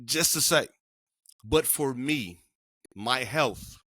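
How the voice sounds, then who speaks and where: A middle-aged man co-hosting a laid-back podcast recounts something from his own life, emphatic and full of slang. He speaks slowly in a mid-range voice that sounds pushed and bright, captured in a dry, studio-quality recording.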